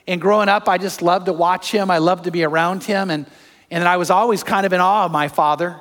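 A pastor preaching a sermon, telling personal stories that move from hushed to fervent. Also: male voice, high voice, steady tone, brisk, in a large hall.

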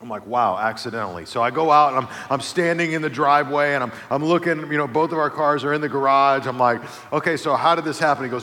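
A middle-aged man preaching a sermon as pastor, telling a family story, moving between quiet, low passages and loud, animated stretches. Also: fast talker, few pauses. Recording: long reverb of a large hall.

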